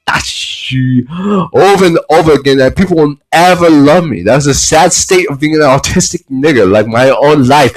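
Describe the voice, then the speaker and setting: Man, nasal, high voice, wildly swooping pitch, frantic rant, shouting and sobbing bursts. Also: expressive, a little fast, low-quality recording. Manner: frantic ranting, swinging between mutters and shouted, sobbing outbursts. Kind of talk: unscripted rant monologue.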